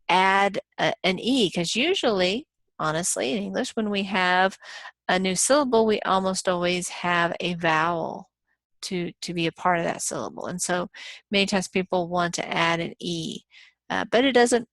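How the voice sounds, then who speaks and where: A woman's voice: lowish voice, a bit bright, no room sound, rough recording. A woman instructor giving a recorded lecture, explaining things plainly with frequent ums and self-corrections.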